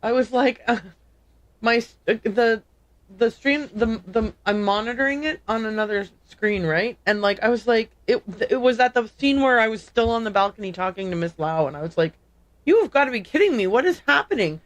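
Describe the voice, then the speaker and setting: Her voice sits a little high and moves at a normal speed, with no room sound at all. She's a livestream host playing a game, giving loose, rambling commentary and often stopping to fix what she just said.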